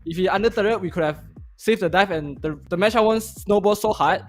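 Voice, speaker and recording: A man joining over a call as a pro player, explaining his team's games steadily and in detail with non-standard grammar. His voice sits high. Faint music plays behind. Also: fairly quick. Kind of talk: post-match interview.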